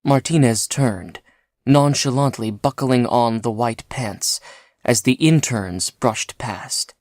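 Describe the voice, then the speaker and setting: A woman narrating an audiobook in a measured, unhurried storytelling manner. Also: rumbling low, darkish tone, no echo, studio quality. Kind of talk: scripted narration.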